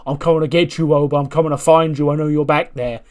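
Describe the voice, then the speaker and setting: A man voicing an angry hulking male wrestler who calls out a rival, slow and menacing. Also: on the high side, flat delivery, a little mellow, smooth, close to an everyday voice.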